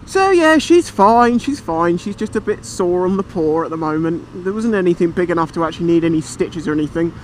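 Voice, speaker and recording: A British man with a fairly high voice tells a story in a chatty, animated way. He swears freely and rambles as he talks. Faint engine and traffic noise sits behind his voice while he rides. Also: a little fast, few pauses. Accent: British English. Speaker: motorcycle vlogger. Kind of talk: casual storytelling while riding. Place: on a motorbike outdoors.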